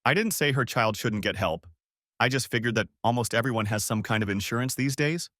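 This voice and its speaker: A man's voice: medium pitch, fairly quick, a bit bright, no room sound, clean studio sound, close to an everyday voice. A man voicing a smug, condescending middle-aged man who is the new boyfriend, in an audiobook story.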